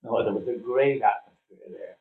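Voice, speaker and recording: An older man from Ireland, a former cricketer, reminiscing in a casual interview, telling his stories with plenty of "uh" pauses. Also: fairly low pitch, vocal fry. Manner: chatty storyteller with frequent "uh" pauses. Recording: distant, phone-like, roomy sound.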